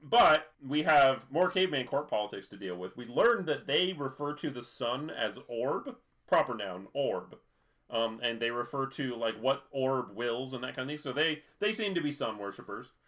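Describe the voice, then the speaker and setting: Bright-voiced man recapping an episode. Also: mid-range voice, lively intonation, moderate pace. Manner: rambling, many fillers and restarts. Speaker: podcast co-host. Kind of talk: casual chat recapping an episode.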